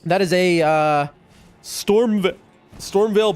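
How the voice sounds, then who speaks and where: A young man streaming a game, chatting excitably to his viewers as he plays. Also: a little high, moderate pace, long pauses. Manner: chatty, excitable, often addresses chat. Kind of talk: live gameplay commentary to chat. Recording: faint music behind voice.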